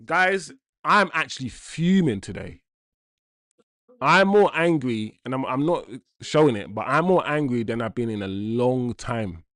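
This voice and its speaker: A young man streaming a live football watchalong, talking to viewers in slang and swinging between mutters and loud outbursts. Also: medium pitch, lively intonation, unhurried, no room sound, studio quality. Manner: loud swings from groans to shouts, slang-heavy.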